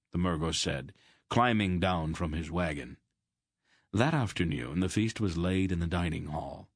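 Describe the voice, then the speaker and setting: A man reading a fantasy novel aloud as an audiobook narrator in a measured storytelling manner. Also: low-pitched, expressive, vocal fry, breathy edge, dry recording, clean studio sound.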